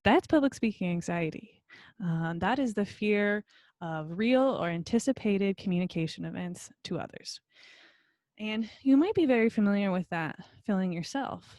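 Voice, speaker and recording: A woman instructor talks through a recorded video lesson from her computer. Her delivery is friendly and encouraging, with plenty of relaxed fillers. The sound is close and dry. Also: lowish voice, a little fast, no room sound. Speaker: college instructor.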